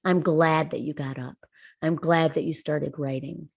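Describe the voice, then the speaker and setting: A woman's voice: sits low, fairly even intonation, a little slow, vocal fry, breathy edge. A middle-aged woman co-hosting a podcast, telling personal stories in an earnest, emphatic way. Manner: earnest storyteller, emphatic rises. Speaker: podcast co-host. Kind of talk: conversational podcast chat.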